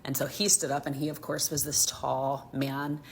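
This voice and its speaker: Here's a woman from Alabama, a mother, relaying a story about her kids in a heated, emphatic manner and leaning hard on "like." Her bass voice has vocal fry and a flat delivery at normal speed, over a light hiss or hum.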